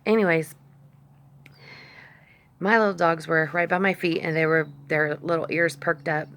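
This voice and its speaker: A woman with a low, gravelly voice chats through a long, rambling story, filming herself on a phone. She drifts off the topic to call to her dogs and then picks the thread back up. Faint noise sits behind her. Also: steady tone, measured pace, fairly bright tone. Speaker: vlogger.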